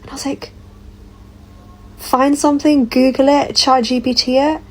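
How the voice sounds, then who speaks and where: A woman with a fairly high voice tells a dating anecdote in a casual way. Her wry, amused tone keeps the delivery light. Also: little pitch movement, measured pace, low-quality recording. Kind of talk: casual storytelling.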